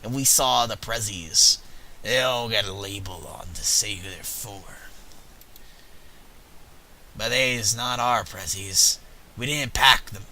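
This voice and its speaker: A man voicing a gruff little male snow imp in a video game, with slangy, ungrammatical speech and a breathy, half-whispered delivery. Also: fairly low pitch, unhurried, bright, forceful tone, a little hiss or hum, pitched below the performer's own voice, heavily acted, low-quality recording. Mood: urging. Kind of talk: game dialogue read aloud in character.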